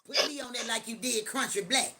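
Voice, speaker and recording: A middle-aged woman hosting a live stream, talking in a loud, profane, joking rant. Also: on the high side, a little fast, a little hiss or hum. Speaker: livestream host. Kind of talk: casual live-stream chat.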